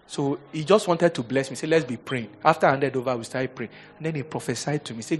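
Laughing frequently, a middle-aged pastor with a Nigerian English accent shifts from booming exhortation to hushed storytelling in his sermon. He speaks quickly with few pauses in a mid-range voice, and the recording carries slight hiss or hum.

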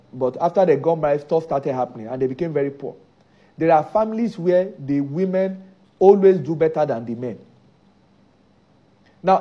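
A man's voice: on the high side, husky, highs cut off. A man preaching a sermon, driving his points home by repeating key phrases.

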